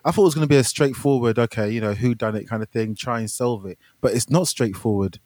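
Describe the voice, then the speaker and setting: A man's voice: medium pitch, quick pace, darkish tone, no room sound. Hesitant man, plain dry voice. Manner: hesitant, repeats words when unsure. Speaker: podcast co-host. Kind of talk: casual film review chat.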